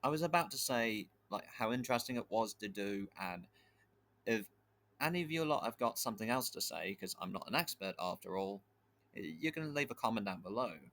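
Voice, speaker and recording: A man giving a casual spoken explainer over a screen recording, thinking aloud in a loose, hesitant way with pauses and restarts. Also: on the low side, animated, fairly bright tone. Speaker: video creator explaining accents. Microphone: computer mic with screen capture.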